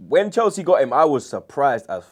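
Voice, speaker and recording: A man, chatting casually as a football pundit and telling stories in a lively, slangy way. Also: medium pitch, fairly quick. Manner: animated storyteller, slangy. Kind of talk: casual chat.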